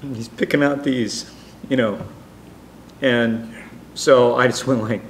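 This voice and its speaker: A middle-aged man telling a personal story in a rambling, animated way, with many fillers and restarts. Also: medium pitch, slow pace, pauses often, a little hiss or hum. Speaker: storyteller guest.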